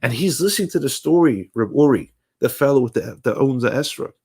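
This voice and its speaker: A man telling a religious story at an ordinary pitch, lively and animated, sometimes stumbling and restarting as he goes. His delivery is that of a teacher giving a daily message. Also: brisk, husky.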